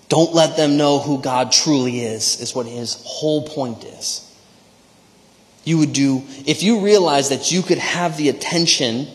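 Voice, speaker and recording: A man's voice: medium pitch, a bit bright. Man preaching in a reverberant church. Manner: conversational preaching, frequent "right?" asides. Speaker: pastor. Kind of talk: sermon. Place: church sanctuary. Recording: long church hall reverb.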